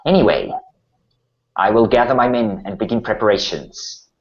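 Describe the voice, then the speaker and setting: A smug, self-assured elf scout captain, played by a man, cool and confident in how he speaks. His voice sits fairly low, and the recording sounds muffled and lo-fi. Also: animated, moderate pace, darkish tone.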